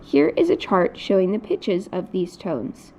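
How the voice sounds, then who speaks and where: A woman's voice: fairly low pitch, big pitch swings, a little slow, a little mellow. A woman teaching a recorded Mandarin lesson, explaining patiently in scripted narration. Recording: dull lo-fi recording.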